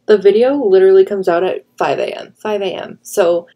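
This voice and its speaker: A young woman vlogging a music reaction, gushing and excitable like an eager fan. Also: medium pitch, brisk, dull audio. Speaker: reaction youtuber. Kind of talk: casual reaction vlog.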